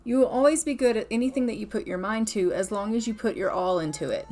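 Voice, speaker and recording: A woman's voice: a little high, fast, darkish tone, lightly acted. A woman voicing a supportive mother in a life-sim game story, speaking in a soothing, reassuring way.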